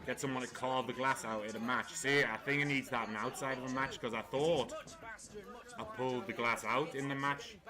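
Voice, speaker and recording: A man's voice: medium pitch, fairly even intonation, moderate pace. A man hosting a casual watchalong stream, rambling and swearing freely. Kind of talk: casual chat. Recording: wrestling crowd noise behind.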